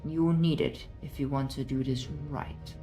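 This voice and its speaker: Woman voicing a stern, low game narrator. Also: steady tone, normal speed, music in the background, low-quality recording. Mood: ominous. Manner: commanding, insistent. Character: stern female narrator urging a princess slaying. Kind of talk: reading a game aloud.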